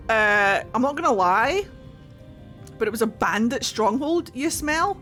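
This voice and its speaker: A woman's voice: fairly high pitch, sing-song, slow, fairly bright tone. Woman streamer, chatty and gushing, game music faintly underneath. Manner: chatty, laughing, gushing asides. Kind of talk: casual gameplay commentary.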